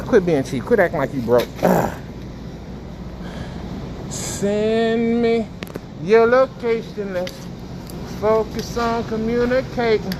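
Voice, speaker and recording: A man wanders an indoor supermarket while vlogging, playfully teasing shoppers and talking to passers-by. His voice sits high, and he speaks slowly with long pauses, amid the noisy background of the store.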